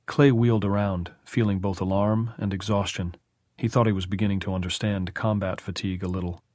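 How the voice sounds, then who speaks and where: A man narrating an audiobook in measured, even storytelling. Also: deep voice, no room sound, studio quality. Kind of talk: scripted narration.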